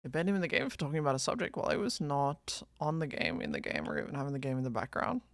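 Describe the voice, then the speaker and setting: Lively Australian woman streamer, dry sound. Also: a bass voice, rapid-fire, no room sound. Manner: playful, swearing, teasing. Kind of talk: casual chat.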